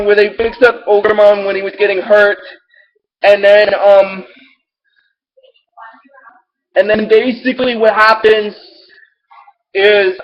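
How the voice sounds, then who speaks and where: Man, high voice, rambling excitable recap, casual show host, dull lo-fi audio. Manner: rambling, excitable, many restarts, laughs at own material.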